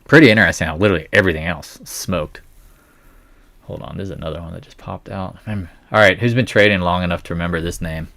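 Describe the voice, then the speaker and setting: A man's voice: low voice, quick pace, gravelly, bright, forceful tone, dry recording. A man hosting a live market stream, thinking aloud in a wry, blunt way as he reads through earnings.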